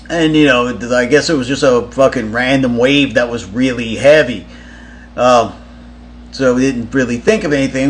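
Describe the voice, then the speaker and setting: A man's voice: medium pitch, a little hiss or hum. A man, a touring musician, casually telling a story in a loose, profane way, with lots of fillers and restarts.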